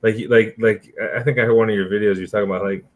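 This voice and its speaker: A man's voice: lowish voice, fairly even intonation, racing, poor audio. A man chatting casually, rambling and full of filler words, laughing often. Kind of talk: casual chat.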